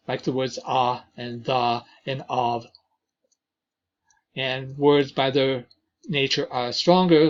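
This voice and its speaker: A man teaching an introductory lesson on poetry, talking slowly with frequent fillers and reading verses aloud. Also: medium pitch, highs cut off. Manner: slow, deliberate delivery with many fillers and reading aloud of verses. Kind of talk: lecture on poetry.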